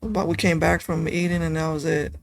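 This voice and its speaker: A woman guest on a podcast, talking casually and rambling with lots of "you know" and "like", going soft and subdued over hard memories. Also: low-pitched, steady tone, fairly quick, vocal fry, no echo. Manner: soft, subdued when telling sad parts. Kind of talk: casual conversation.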